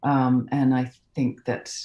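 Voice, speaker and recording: A woman's voice: very deep voice, level tone, takes it slowly, reverberant, muffled recording. A woman voice actress chatting in an interview from England, thoughtful and encouraging, with frequent "um" and "you know". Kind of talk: casual video-call interview. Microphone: video call.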